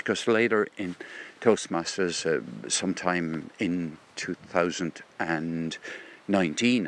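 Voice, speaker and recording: A middle-aged man musing aloud in a rambling spoken diary, recorded outdoors beside a stream on a handheld phone. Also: low-pitched. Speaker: vlogger.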